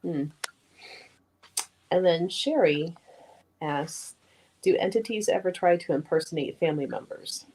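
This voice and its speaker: Woman co-host, deep voice, relaxed reader of viewer questions. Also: measured pace, long pauses, husky, low-quality recording. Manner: reads questions aloud, relaxed with soft fillers. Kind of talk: casual chat.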